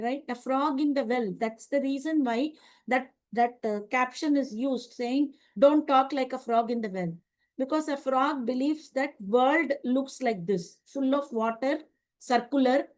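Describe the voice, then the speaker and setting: A woman with an Indian English accent giving a scripture class, explaining through parables and strings of rhetorical questions. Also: sits high. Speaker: spiritual teacher.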